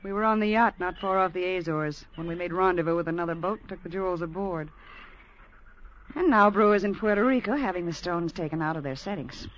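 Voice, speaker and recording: A woman's voice: lowish voice, a little fast, natural voice. An actress playing a scheming woman who teases her lover and demands money, in a 1950s radio drama with mocking laughter. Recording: dull lo-fi old radio broadcast.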